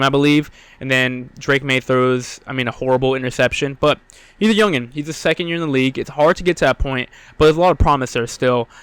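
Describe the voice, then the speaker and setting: A man's voice: medium pitch, a bit bright, clear, resonant tone, no room sound. A young man hosting a solo sports podcast in casual chat, rambling with many fillers and restarts. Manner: rambling, frequent "um" and "I mean", self-correcting. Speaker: podcast host.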